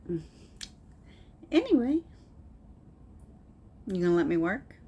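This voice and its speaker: A woman's voice: lowish voice, sing-song, slow, warm tone, husky, lo-fi sound. Laughing woman chatting with her dog. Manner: playful, laughing, baby-talk to her dog. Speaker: knitting vlogger. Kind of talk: casual chat to camera.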